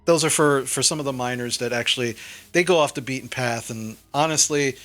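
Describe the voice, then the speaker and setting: A man's voice: mid-range voice, a little fast, fairly bright tone, soft background music, natural voice. A man voicing a blunt, businesslike retired older man who rambles with many fillers.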